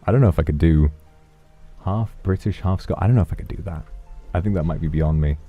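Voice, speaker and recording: A man streaming, chatting softly and affectionately as he reads viewer donations. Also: deep voice, fast, phone-quality sound, soft background music. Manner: soft, affectionate, musing. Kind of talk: casual chat reading donations.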